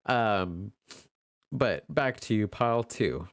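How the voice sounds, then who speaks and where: A man giving a gentle, affirming pick-a-card tarot reading, tearful and emotional as he talks. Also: on the low side, animated, takes it slowly, no room sound, clean studio sound. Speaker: tarot reader.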